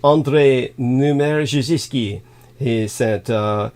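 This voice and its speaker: A man hosting a livestream, rambling through thanks with many halting fillers, laughing suddenly and swearing now and then. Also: mid-range voice, a little mellow. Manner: halting, filler-heavy, reads donor thanks aloud. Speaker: livestream host.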